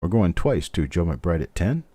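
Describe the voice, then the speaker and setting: A man's voice: sits low, sing-song, normal speed, mellow, no echo. A middle-aged man hosting a live online coin auction, calling bids steadily and chatting between lots. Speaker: auctioneer host.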